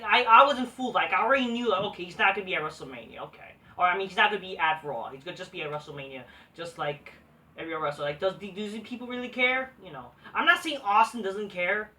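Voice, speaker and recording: A woman's voice: medium pitch, sharp tone, recorded from a distance. A woman reviewing a wrestling show in a profane, sarcastic rant, full of "like" and restarts.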